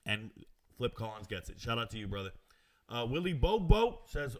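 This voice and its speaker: A man's voice: medium pitch, lively intonation, moderate pace, a bit bright. A man hosting a live stream who reads out viewer comments and answers them in a brash, self-assured way, with casual slang and chatty asides. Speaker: sports betting show host.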